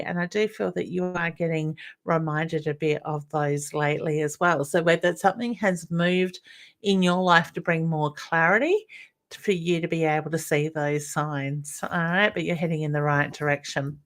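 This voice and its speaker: Woman, psychic medium on a live stream, lowish voice, affectionate and reassuring, calls everyone honey. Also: fairly even intonation, moderate pace.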